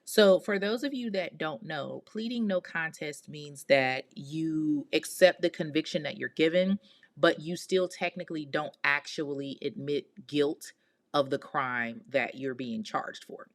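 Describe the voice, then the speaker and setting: A woman hosting a podcast, telling a true-crime story in a casual, animated way, with outspoken, exasperated asides in slang. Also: sits low, a little slow. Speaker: podcast host.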